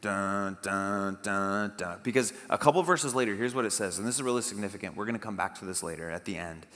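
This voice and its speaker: A man's voice: lowish voice, racing, a bit bright. A man pastor giving a conversational sermon, reading scripture aloud with dramatic emphasis. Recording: long hall reverb.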